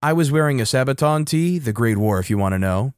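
A man reading online stories aloud as narrator, lively with wry asides. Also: mid-range voice, quick pace, clear, resonant tone, no room sound, studio quality. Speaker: story narrator.

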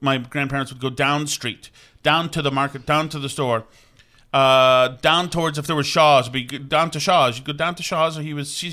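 A middle-aged man talks in a loose, rambling chat, circling back on himself with restarts and asides. His voice sits a touch high for a man and rings bright and forward. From Vermont. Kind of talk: casual chat.

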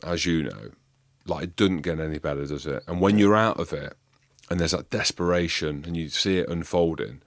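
Male host, 40s, deep voice, retired player, casual storyteller with tag questions. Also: normal speed, hardly any pauses, no room sound. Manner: swears freely, animated tag questions.

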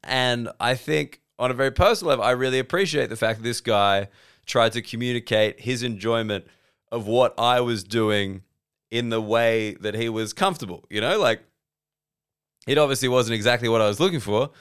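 Australian man, comedian, solo podcast monologue, rambling, swears, smooth clear tone, mid pitch. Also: moderate pace, a bit bright. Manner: rambling, self-deprecating, swears freely.

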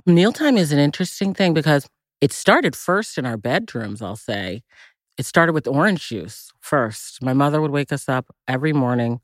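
A woman's voice: a bass voice, no room sound. Woman telling childhood stories in a dry room. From Massachusetts, USA. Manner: reflective, vivid listing, breaks into laughter. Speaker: actress interviewed as guest. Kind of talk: casual interview storytelling.

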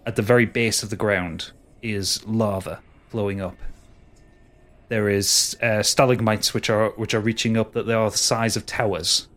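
A man's voice: fairly low pitch, fairly even intonation, normal speed, a bit bright. A man narrating a tabletop game as game master, describing scenes at length with small restarts.

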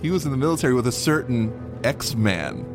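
Excitable man chatting on a podcast. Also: mid-range voice, fairly quick, music in the background. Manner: excitable, animated fan talk with playful put-on quotes. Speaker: podcast co-host. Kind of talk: casual chat.

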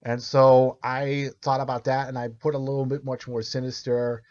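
A male voice actor talking in a casual interview, joking and animated, often stopping to search for words. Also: mid-range voice, moderate pace, lo-fi sound.

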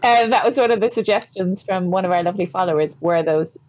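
A woman's voice: on the low side, quick pace, darkish tone, highs cut off. A woman co-hosting a podcast in casual chat, rambling a little and laughing often. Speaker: podcast co-host.

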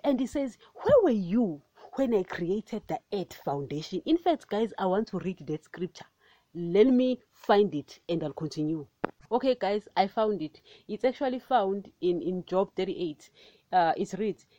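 Fiery, mellow-voiced woman preacher. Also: fairly high pitch, big pitch swings, normal speed, dry recording. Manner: emphatic and fiery, repeats rhetorical questions; conversational, many fillers. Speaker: podcast preacher. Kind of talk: informal devotional teaching.

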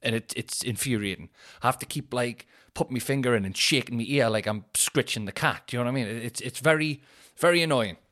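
A man's voice: mid-range voice, fast, fairly bright tone. Sweary, ranting man. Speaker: podcast host. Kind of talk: casual solo chat. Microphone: headphones in, home podcast mic.

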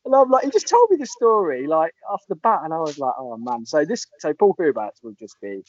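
A man, chatting casually as a podcast host and telling animated anecdotes. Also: fairly high pitch, brisk, no room sound. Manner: lively storyteller, puts on voices in anecdotes. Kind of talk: casual chat. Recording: dull lo-fi sound.

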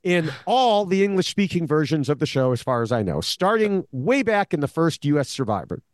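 A man's voice: on the high side, sing-song, a little fast, no room sound, clean studio sound. A man co-hosting a podcast, recapping episodes in casual chat with many fillers and restarts. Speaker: podcast co-host, longtime show analyst.

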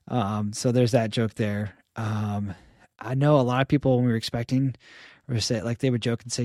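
A man chatting as a podcast guest, telling stories in a lively way and acting out the people he quotes. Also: medium pitch, fast talker, no echo, clean studio sound. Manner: animated storyteller who acts out quoted people. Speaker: podcast guest, stay-at-home father. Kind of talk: casual podcast conversation.

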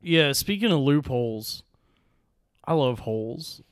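A young man co-hosting a comedy podcast while stoned and drowsy, dropping low-key, deadpan puns. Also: unhurried, dry recording, clean studio sound. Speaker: podcast co-host. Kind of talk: casual comedic banter.

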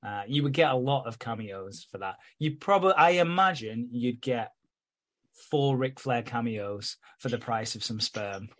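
A man's voice: mid-range voice, moderate pace, a bit bright. A man co-hosting a podcast, recapping soap episodes in casual, sweary chat and acting out the characters' lines. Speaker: podcast co-host.

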